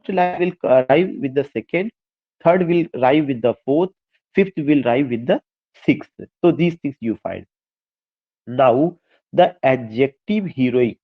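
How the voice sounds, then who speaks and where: A male literature teacher with an Indian English accent and a medium-pitched voice lectures an online class unhurriedly, over narrow, tinny audio. He repeats points, asks rhetorical questions, and switches between English and Hindi.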